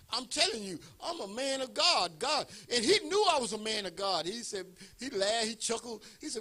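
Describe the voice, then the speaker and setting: A male pastor telling a personal story in a sermon, animated and building up to shouts. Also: high-pitched, moderate pace.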